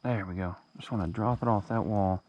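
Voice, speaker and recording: A man's voice: lowish voice, fairly quick, muffled recording, a little hiss or hum. A man narrating his kayak fishing trip on a lake in a casual vlog, sometimes out of breath. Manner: excited outbursts when catching fish. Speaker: fishing vlogger.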